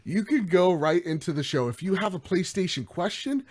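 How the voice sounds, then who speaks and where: A man's voice: high-pitched, lively intonation, moderate pace, no echo. A man co-hosting a podcast in casual banter. He jokes and teases, and he runs the segments. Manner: joking, teasing, runs the segments. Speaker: podcast co-host.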